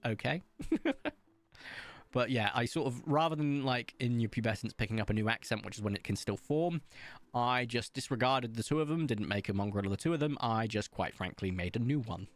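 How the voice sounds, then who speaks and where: A man's voice: mid-range voice, a little fast, no echo. Man with a posh English accent. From England, Somerset. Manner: rambling anecdotal storytelling with frequent ums. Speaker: streamer. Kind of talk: casual chat while gaming.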